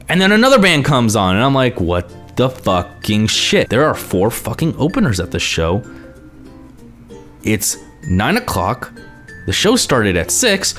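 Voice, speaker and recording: A young man vlogging, ranting in a casual, profane way with exasperated asides. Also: mid-range voice. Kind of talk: ranting vlog monologue.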